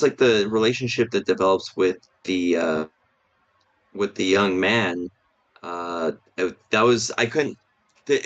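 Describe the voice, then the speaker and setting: Low-voiced man in a hesitant chat. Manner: hesitant, many restarts and fillers. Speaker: podcast co-host. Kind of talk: casual film review chat. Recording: dull lo-fi stream audio.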